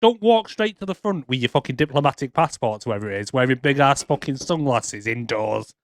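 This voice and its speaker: A man's voice: mid-range voice, a little fast, no room sound, clean studio sound. Swearing man retelling a film. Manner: swearing, joking, animated retelling with put-on quotes. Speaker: podcast co-host. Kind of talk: casual movie review banter.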